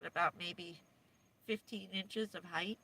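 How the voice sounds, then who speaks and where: A woman's voice: on the low side, steady tone, takes it slowly, sharp tone, a little hiss or hum. A woman livestreaming from inside her camper van, chatting casually and rambling along with lots of fillers and little laughs.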